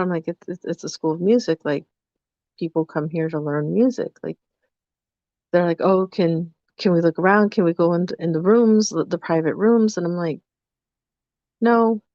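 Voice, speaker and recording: Her voice sits on the low side, a little mellow, with fairly even intonation and a moderate pace. Chatting casually as a podcast co-host, she recounts a story and acts out both people's lines. There's no room sound, and the lo-fi audio comes across dull and dry.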